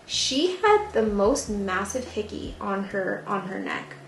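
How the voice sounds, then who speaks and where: Speaking slowly in a mid-range voice with vocal fry, a young woman, tipsy, repots plants at home while telling a lively, "like"-filled story. She's a plant vlogger sharing casual storytelling in an echoey room with music playing.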